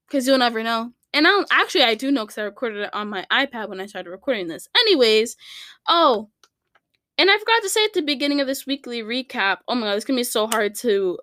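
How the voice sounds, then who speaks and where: A woman's voice: fairly high pitch, fairly quick, a bit bright, no room sound. Chatty young woman rambling, dry close mic. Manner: rambling, chatty, lots of fillers and self-corrections. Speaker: podcast host. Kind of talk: casual solo podcast chat. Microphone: studio microphone.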